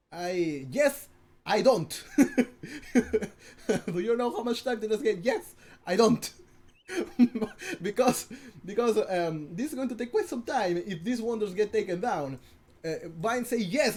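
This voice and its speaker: A man casting a strategy game with casual commentary, excitable and giggly, often stammering and restarting his sentences. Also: sits high. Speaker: game caster.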